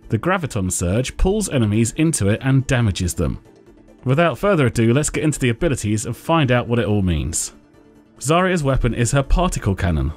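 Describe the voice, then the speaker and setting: A man reading a scripted video game guide as its host, in a measured, informative way and reading out figures carefully. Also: medium pitch. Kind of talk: scripted tutorial narration.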